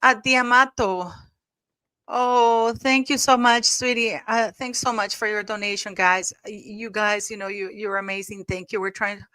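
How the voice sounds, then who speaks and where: A woman hosts a casual livestream in a chatty, rambling way, often restarting her sentences. She thanks viewers over and over with effusive warmth. Her voice sits at an ordinary middle pitch, and the recording is close and dry. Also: fairly even intonation, normal speed, no echo. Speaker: livestream host.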